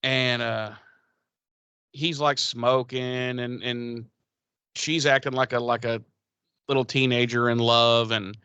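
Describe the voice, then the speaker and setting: A man's voice: medium pitch, flat delivery, takes it slowly, long pauses, sharp tone, smooth, dry recording, highs cut off. A man casually recapping a TV episode on a podcast, rambling, swearing and acting out the characters' lines. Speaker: podcast co-host.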